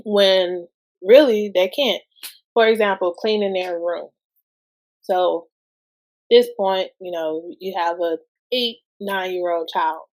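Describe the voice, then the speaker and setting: A woman's voice: on the low side, a little mellow. A woman, guest-hosting a podcast and talking casually about parenting, asking lots of rhetorical questions. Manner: slow, conversational, asks many rhetorical questions.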